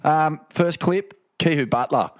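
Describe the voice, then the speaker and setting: A man's voice: a little high, measured pace, no room sound. A laid-back man hosts a podcast, playful and swearing freely as he chats. His voice is recorded dry and close, with almost no room sound. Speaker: podcast host. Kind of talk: casual podcast chat.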